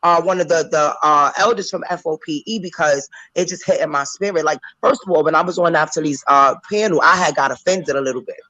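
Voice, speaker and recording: A woman's voice: deep voice, brisk, hardly any pauses, no echo, lo-fi sound. A woman calling into a talk panel, speaking emphatically and emotionally, close to tears, preaching and acting out voices. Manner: emphatic, animated, switches into character voices. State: tearful, emotional.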